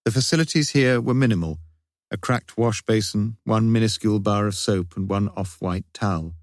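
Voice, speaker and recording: A man reading an audiobook detective novel in a measured, wry narration. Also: fairly low pitch, no echo, clean studio sound. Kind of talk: scripted narration.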